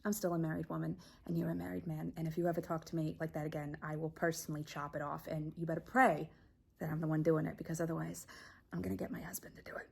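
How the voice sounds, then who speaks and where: A woman acting out a sharp-tongued married woman from a crime family in an improvised comedy scene, condescending and mock-sweet, dropping into low menacing whispers. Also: little pitch movement, fast, creaky, breathy edge, exaggerated voice. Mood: coldly menacing.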